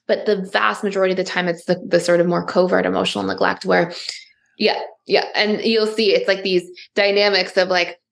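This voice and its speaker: A woman's voice: medium pitch, flat delivery, fairly quick, gravelly. A woman therapist, a podcast guest, explaining ideas fluently with everyday examples and a lot of "like". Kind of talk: explanatory interview talk.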